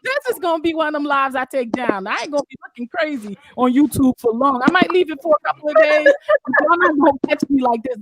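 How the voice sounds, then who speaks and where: A woman's voice: high-pitched, fast. A woman hosting a live stream, talking emphatically and sounding tearful. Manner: emphatic, animated, swinging between crying and laughing. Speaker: host. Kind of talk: emotional live-stream chat.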